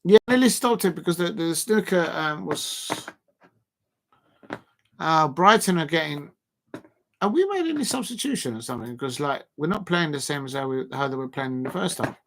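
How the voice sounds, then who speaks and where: A man giving rambling, casual live commentary on a match and shouting out viewers by name. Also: fairly high pitch, expressive, moderate pace, vocal fry, slight background noise. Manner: rambling, chatty, lots of fillers, shouts out viewers. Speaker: live stream host.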